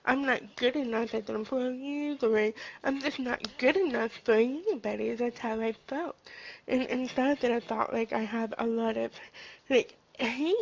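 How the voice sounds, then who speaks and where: A woman in her thirties giving a personal faith testimony, crying and talking in an earnest, halting way. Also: a little high, gravelly. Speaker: vlogger sharing testimony. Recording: dull lo-fi recording.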